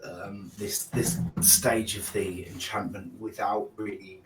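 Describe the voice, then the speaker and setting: A man with a lowish voice, picked up from a distance, hesitant as he plays a tabletop game. Faint noise underneath. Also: level tone, slow. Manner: hesitant, searching for words. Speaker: player. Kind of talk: casual tabletop play.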